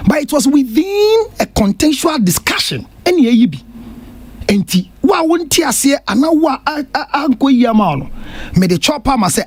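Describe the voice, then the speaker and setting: A man's voice: extremely high pitch, very animated, fast, dry recording. A Ghanaian man on a radio panel, insistently defending his remarks and switching between English and Twi. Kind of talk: heated radio panel talk. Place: radio studio.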